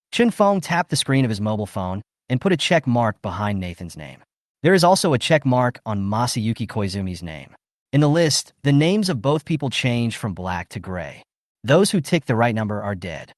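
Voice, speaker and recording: A man reading a scripted story recap as narrator, in a brisk storytelling way. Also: mid-range voice, very animated, no echo, studio quality.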